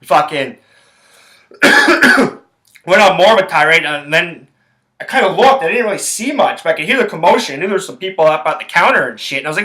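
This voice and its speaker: A man's voice: on the high side, lively intonation, brisk, pushed and bright. A young man, hosting a solo podcast and telling a rambling, blunt story full of profanity. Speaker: podcast host.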